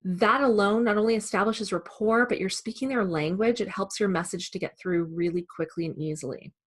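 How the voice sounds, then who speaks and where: A woman who trains salespeople, giving a calm, measured instructional talk. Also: mid-range voice, husky. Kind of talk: instructional presentation.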